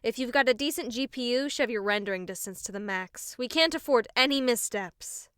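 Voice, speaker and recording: Woman voicing a brisk, bossy swordswoman. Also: on the high side, a bit bright, clean tone, dry recording, clean studio sound, lightly acted. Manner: brisk, commanding. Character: bossy young swordswoman gamer. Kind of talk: audiobook character voice.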